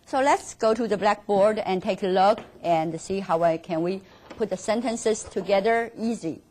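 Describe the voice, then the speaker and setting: A woman teaching a beginners' class in a Mandarin Chinese accent, encouraging and patient. She speaks slowly and stretches each model word for students to repeat. Her pitch rises and falls in wide, lively swings. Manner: slow, drawn-out model words for repetition; encouraging, rephrases herself mid-sentence. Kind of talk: classroom language lesson.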